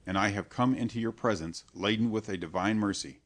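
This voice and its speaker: Austere monk, grave and unbending, read by a male audiobook narrator; low voice. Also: close to an everyday voice. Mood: solemn. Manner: grave, measured, severe. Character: stern, solemn male monk preacher, unbending.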